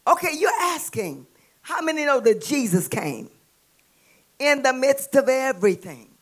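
A woman preaching a sermon with a Southern US accent, calling out to the congregation and building to shouts. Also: sits high, lively intonation, moderate pace. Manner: call-and-response preaching, rising to shouts.

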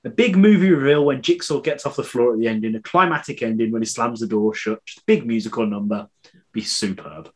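A man with a mid-range voice hosts a podcast at a fairly quick pace. He chats casually, reads out listener answers, and laughs between the lines.

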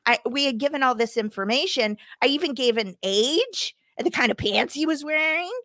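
A woman co-hosting a podcast, telling a story in a lively, indignant way and acting out the dialogue. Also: high voice, moderate pace, dry recording, studio quality. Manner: animated, indignant storyteller who acts out dialogue. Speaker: podcast co-host. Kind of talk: casual chat, storytelling.

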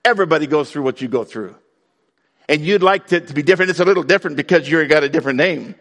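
A man preaching a sermon to his congregation in a conversational way, breaking now and then into loud outbursts. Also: on the high side, fast, in a large hall. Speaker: pastor.

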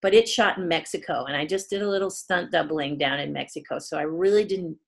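A husky, fairly low-voiced middle-aged woman tells stories in an interview. She is animated and expressive, jumping high in pitch whenever she acts out what someone said. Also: a little fast. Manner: lively storyteller who jumps high to act out quoted people. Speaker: guest, puppeteer.

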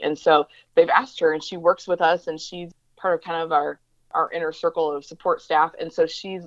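A woman's voice: sits low, flat delivery, normal speed, no room sound, muffled recording. A woman being interviewed, telling a story in an emphatic conversational way and acting out the voices of the people she quotes. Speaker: interview guest, diversity educator.

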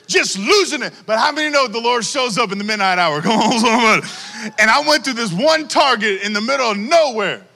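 A man preaching a sermon to a congregation, animated and calling out for responses from the crowd. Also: extremely high pitch, fairly quick, long reverb tail. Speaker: pastor.

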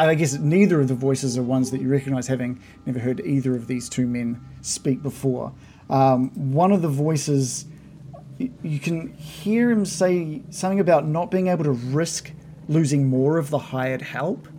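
A man narrating as game master of a tabletop game, halting with frequent ums and restarts. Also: on the high side, a little mellow, faint music behind. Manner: hesitant, many ums and restarts.

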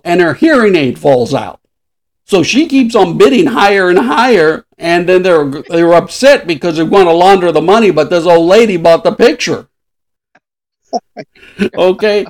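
A man's voice: sits high, expressive, moderate pace. A man in his sixties, a podcast host, chatting casually and laughing often as he retells stories. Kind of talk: casual chat.

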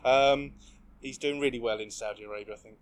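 A man co-hosting a football podcast in casual chat, talking in a relaxed, rambling way. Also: mid-range voice, brisk, clean tone. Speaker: podcast co-host.

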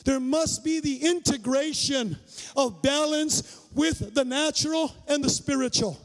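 Male pastor, very high voice, lively storytelling sermon with shouted peaks, reverberant church hall. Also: a little slow. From Mexican-American migrant family. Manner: animated, acts out dialogue, shouts for emphasis. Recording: long reverb of a large hall.

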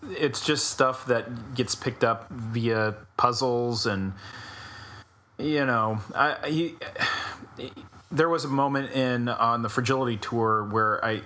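A man co-hosting a podcast, talking casually about an album in halting sentences full of fillers and restarts. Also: medium pitch, fairly even intonation, sharp tone. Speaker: podcast co-host.

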